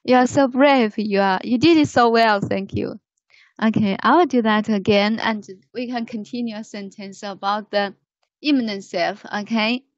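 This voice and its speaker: A woman's voice: fairly high pitch, steady tone, normal speed, no echo, highs cut off. A woman, teaching as she patiently corrects pronunciation and reads a text aloud. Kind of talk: language lesson, reading aloud.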